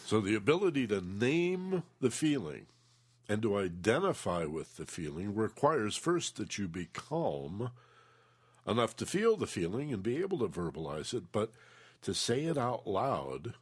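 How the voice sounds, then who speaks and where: Co-host: man, very low husky voice, lively pitch, emphatic advice-giver. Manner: slow, emphatic, acts out quoted feelings. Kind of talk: relationship advice talk.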